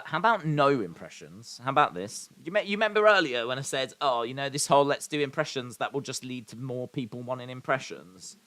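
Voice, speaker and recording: Dry, sarcastic man, bright voice. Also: on the high side. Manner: dry and sarcastic, reading viewer comments aloud. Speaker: live stream host reacting to wrestling. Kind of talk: live watch-along commentary.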